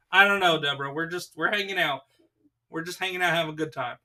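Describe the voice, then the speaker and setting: Guy hosting a chill livestream, bright voice, reads chat out, jokes around. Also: sits high, quick pace. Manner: teasing, laughs often. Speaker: host. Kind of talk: casual livestream chat, reading chat aloud.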